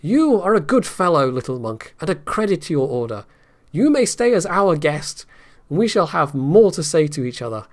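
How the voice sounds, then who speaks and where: A man voicing a loud, hot-tempered, vain male king in a novel reading, bellowing his lines. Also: fairly high pitch, big pitch swings, normal speed. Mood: genial.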